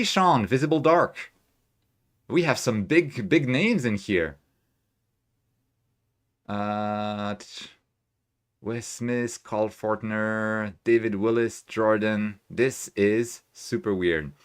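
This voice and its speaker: A young man with a somewhat low voice hosts a relaxed live stream from his home. He chats loosely, greeting viewers and reading their messages aloud, and fills his talk with ums, likes and restarts. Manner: chatty, reads chat aloud, many fillers and restarts. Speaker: astrophotography livestream host. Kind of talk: casual live stream chat. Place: home room with equipment.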